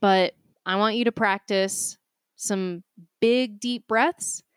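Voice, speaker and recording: A woman's voice: mid-range voice, fairly even intonation, slow, clear, resonant tone, no echo. Casting: woman, Boston accent, chatty podcast co-host, practical, dry close sound. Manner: chatty, giggly, practical advice-giving. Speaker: podcast co-host, nutrition coach. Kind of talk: casual chat.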